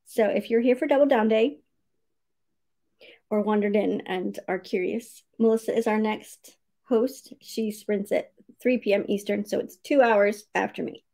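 With a warm, medium-pitched voice and an unhurried pace, a woman runs a relaxed writing-sprint livestream. She welcomes viewers by name with good cheer, reads out their comments, and laughs a lot.

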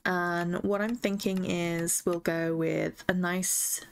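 A woman's voice: lowish voice, steady tone, slow pace, creaky, clean tone. A young woman chats her way through a gaming session, gushing and chatty. She talks to herself and to the creatures she meets, squealing over cute things and musing over her choices. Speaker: gaming streamer. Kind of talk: casual gameplay chat.

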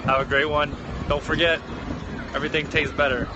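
A man's voice: fairly high pitch, level tone, brisk. A man sending a jokey, upbeat birthday greeting from outdoors on a boat. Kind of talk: casual spoken message. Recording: dull outdoor recording with wind noise.

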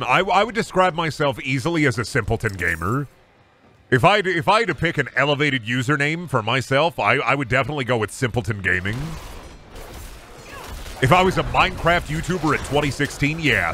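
A man's voice: mid-range voice, big pitch swings, fairly quick, pushed and bright, a little hiss or hum. A young man from Iowa streaming a game, rambling crudely and mocking himself, swearing often. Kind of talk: casual gaming stream commentary.

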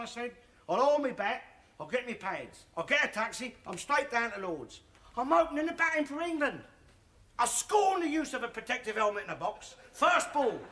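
An actor playing a boastful, bigoted old working-class Londoner with a Cockney accent, ranting loudly in a sitcom monologue. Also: male voice, extremely high pitch, heavily acted. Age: older. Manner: loud, bragging, ranting. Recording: sitcom recording with loud background noise and audience laughter.

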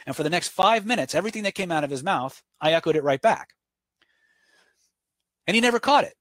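Guy running a webinar q&a, husky voice, chatty, tells stories, dry close sound. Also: fairly high pitch, lively intonation, brisk, a bit bright, no echo. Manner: conversational, tells anecdotes to make a point; answers viewer questions off the cuff. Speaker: webinar instructor. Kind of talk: live webinar teaching and Q&A.

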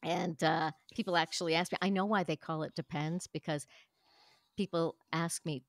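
A woman's voice: sits low, steady tone, moderate pace, no room sound. An older woman trading casual chat with punchy stand-up comedy timing. She tells jokes in a dry, close-miked voice, slipping into the voices of the people in her stories. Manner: punchy joke delivery, acts out quoted voices. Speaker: comedian guest.

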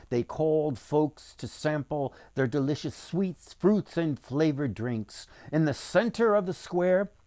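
A man's voice: medium pitch, warm tone, dry recording. A man as author reading his own storybook aloud, with acted voices for the characters.

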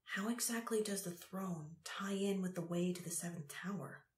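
A woman's voice: fairly low pitch, moderate pace, natural voice. A woman voicing an earnest young man who asks questions in a plain, sincere way, recorded in a roomy space. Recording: roomy echo.

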